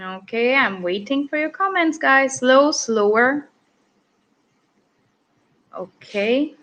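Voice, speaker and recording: A woman's voice: high-pitched, lively intonation, slow, a bit bright, dull audio. A woman with a Malaysian English accent teaching an online English lesson for children, upbeat and encouraging as she reads out comments.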